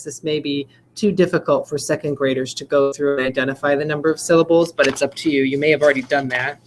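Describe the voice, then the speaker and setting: A woman's voice: low voice, slight background noise, rough recording. A woman walking fellow teachers through a spelling lesson, explaining step by step and sounding out words letter by letter. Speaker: teacher trainer. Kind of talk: casual instructional walkthrough.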